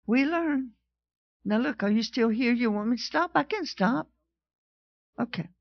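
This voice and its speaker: A woman's voice: a little high, expressive, unhurried, creaky, no room sound. A woman preaching a sermon, telling a story and reading scripture aloud with rising fervor. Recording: dull lo-fi sound.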